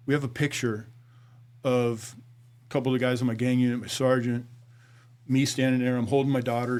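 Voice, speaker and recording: A middle-aged man, a former police officer, telling his story to a podcast host, acting out dialogue and sinking low and quiet at grave moments. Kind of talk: conversational storytelling.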